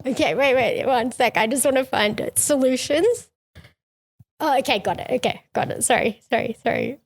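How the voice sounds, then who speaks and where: A woman's voice: sits high, lively intonation, moderate pace, slightly rough. A woman co-hosting a political podcast, talking heatedly and tripping over restarts. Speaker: podcast co-host. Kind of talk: casual political chat.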